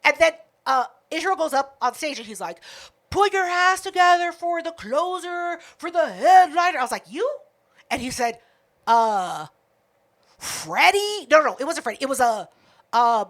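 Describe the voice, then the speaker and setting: A woman's voice: high voice, expressive, normal speed, sharp tone. A woman co-hosting a podcast, retelling a night out in a casual, profane chat full of quoted back-and-forth. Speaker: podcast co-host.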